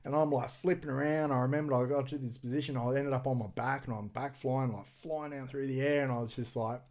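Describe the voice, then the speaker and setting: Speaking fast in a mid-range voice, an extreme sports athlete guesting on a podcast tells a story with casual energy. He performs the voices of people he quotes and curses without holding back.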